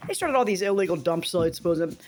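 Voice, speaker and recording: A woman's voice: lowish voice, lively intonation, quick pace, a little mellow, a little hiss or hum. A woman vlogger talking to camera in a rambling, profane, exasperated rant.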